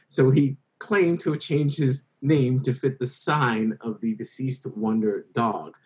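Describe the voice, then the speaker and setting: A man who is an author, telling lively anecdotes as a guest in an interview and quoting other people in their voices. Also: medium pitch, takes it slowly, hardly any pauses. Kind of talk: interview storytelling.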